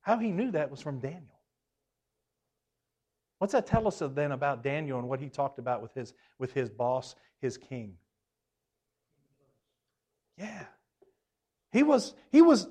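A man's voice: medium pitch, dark tone. A man leading a Bible class, talking conversationally, asking the group questions, with hesitant fillers, self-corrections and emphatic rises on key points. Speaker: Bible study teacher.

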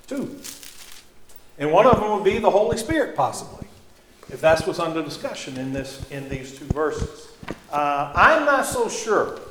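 A man teaching a Bible class in a church classroom, halting with many fillers and restarts, often quizzing his class. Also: on the high side, fairly bright tone. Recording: echoey room with faint noise.

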